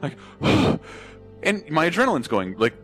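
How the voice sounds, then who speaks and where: A man's voice: fairly high pitch, a little slow, soft background music. A young man from Florida telling a rambling story on a podcast, swearing a lot and acting out what people said. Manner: animated, rambling, swears a lot, acts out quotes.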